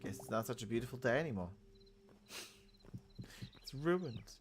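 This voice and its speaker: A man's voice: mid-range voice, racing. A man giving playful, chatty commentary while playing a building game, breaking into silly singing and voices. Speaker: gaming YouTuber. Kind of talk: casual gameplay commentary. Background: background music.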